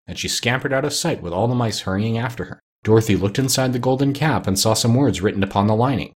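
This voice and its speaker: Husky man reading a storybook. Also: mid-range voice, fast talker, hardly any pauses. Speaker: narrator.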